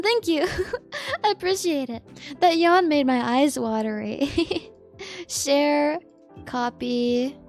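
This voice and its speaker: High-voiced, giggly woman streamer. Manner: giggly, reads out chat messages and answers them. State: sleepy. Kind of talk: casual chat with viewers.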